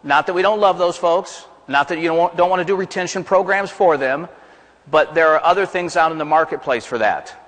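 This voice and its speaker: A man's voice: fairly high pitch, fairly quick, a bit bright. A man from the American South gives a plain-spoken, folksy seminar presentation to a conference audience, asking the room questions as he goes. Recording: reverberant conference hall.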